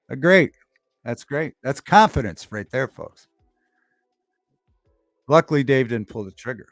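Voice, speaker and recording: A man hosting a relaxed livestream talk show, chatting loosely with viewers and repeating his favorite movie lines with relish. His voice sits at an ordinary middle pitch. It is recorded dry and close to the mic, with faint music playing behind him. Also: normal speed, no room sound. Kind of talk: casual chat, reading live chat aloud.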